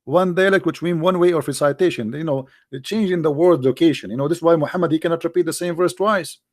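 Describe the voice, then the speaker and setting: High-voiced sarcastic man. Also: fast talker. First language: Arabic. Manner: sarcastic, emphatic rhetorical questions. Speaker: religious critic. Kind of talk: polemical monologue.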